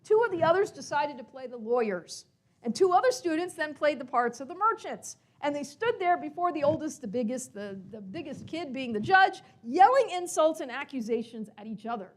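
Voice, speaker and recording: A woman's voice: high voice, fairly quick. A woman telling a story to a congregation at a service, acting out the characters and asking the listeners questions. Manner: animated, acts out characters, asks listeners questions.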